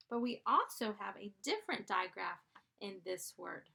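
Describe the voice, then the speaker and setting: A woman's voice: mid-range voice, animated, normal speed, gravelly, sharp tone. A woman teaching first graders, giving a dictation lesson in a patient, encouraging way and stretching out the sounds of each word. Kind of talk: slow, clear classroom dictation.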